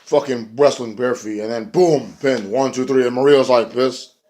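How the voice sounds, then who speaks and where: Brief: a man recapping wrestling, loose and rambling, swears a lot, jumps into quick impressions. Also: mid-range voice, fairly even intonation, a little mellow. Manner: rambling and profane, acts out quotes. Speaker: wrestling show reviewer. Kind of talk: casual recap rant.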